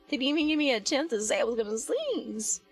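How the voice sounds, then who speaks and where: Chatty young woman streaming with soft music. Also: high voice, slightly rough. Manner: chatty and rambling, many fillers and restarts, reads and answers chat. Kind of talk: casual live-stream chat while working.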